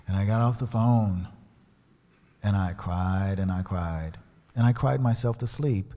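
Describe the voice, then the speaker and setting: A man's voice: fairly low pitch, unhurried, dark tone. A male guest speaker and musician giving a storytelling sermon, dramatically acting out the voices in his story. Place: large church sanctuary. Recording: long reverb of a church hall.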